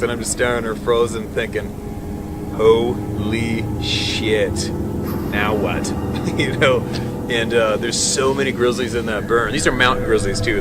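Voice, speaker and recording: Animated male hunting guide telling a story. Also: on the low side. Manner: vivid, laughs between phrases, swings from hushed to loud. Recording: noisy background hum.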